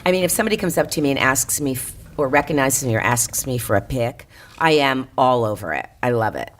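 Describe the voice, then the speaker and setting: A woman's voice: very deep voice, animated, quick pace. An older woman from Florida, a guest actress chatting on a podcast, talking freely with lots of restarts. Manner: chatty, many restarts, drops into mimicked voices. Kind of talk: casual podcast chat.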